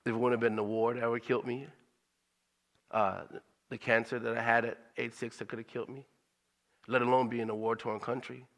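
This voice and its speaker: A man's voice: medium pitch, level tone, a little fast, pauses often, a bit bright, long reverb tail. A man speaking at a church service in a conversational, motivational way, repeating his questions for emphasis.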